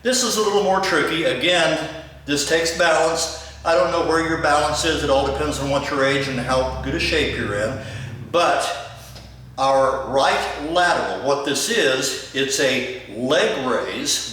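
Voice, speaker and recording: An older man coaching step aerobics, calling out each move in an unhurried, steady way. He sounds distant from the mic, and the room is very echoey. A faint noise sits under his voice. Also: a little high. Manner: coaching, calls out step moves. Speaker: fitness instructor. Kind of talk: instructional demonstration.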